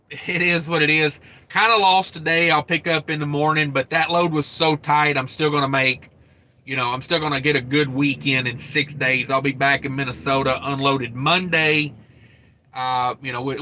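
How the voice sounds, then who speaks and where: A man hosting a casual trucking livestream, thinking out loud about loads and pay and greeting viewers by name. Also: mid-range voice. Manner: rambling, thinks aloud, reads viewer names. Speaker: trucking channel host.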